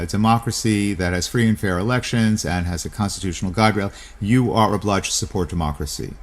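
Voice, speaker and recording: A man hosting a podcast read-along who talks with many fillers and restarts, then reads poetry aloud slowly and with emphasis. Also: deep voice. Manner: deliberate, emphatic poetry reading. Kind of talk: live read-along and opinion talk.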